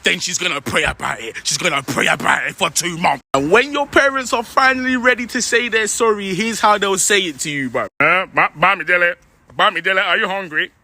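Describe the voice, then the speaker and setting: Bright, slangy man. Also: high voice, big pitch swings, fairly quick, vocal fry, hardly any pauses. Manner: slangy, mocking, punchy delivery. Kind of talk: comedic sketch monologue.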